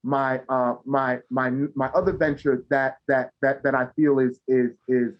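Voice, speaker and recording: A man's voice: mid-range voice, level tone, unhurried. A man speaking as a podcast guest, often stalling on repeated words and fillers. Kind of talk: casual podcast interview. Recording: dull lo-fi sound.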